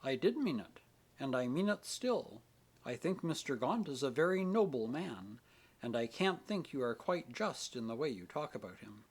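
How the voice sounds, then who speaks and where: A man voicing an earnest, devout young woman pleading gently with her father in an audiobook. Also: medium pitch, very animated, normal speed, breathy edge. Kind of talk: audiobook character reading.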